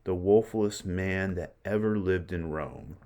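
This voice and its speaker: A man's voice: low voice, measured pace, warm tone. A man reading aloud the farewell lines of an exiled young Roman son. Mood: mournful.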